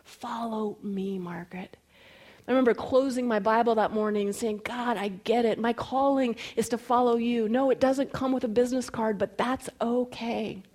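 A woman preaching a sermon, telling personal stories in an animated way and going soft and slow on key lines. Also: fairly high pitch. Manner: animated storytelling with quoted voices. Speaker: speaker.

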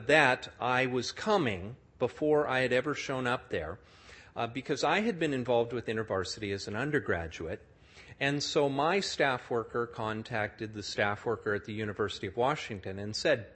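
Male preacher, middle-aged, storytelling sermon; expressive pitch, slightly breathy voice. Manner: animated storyteller, acts out the people he describes. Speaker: speaker telling a story to an audience.

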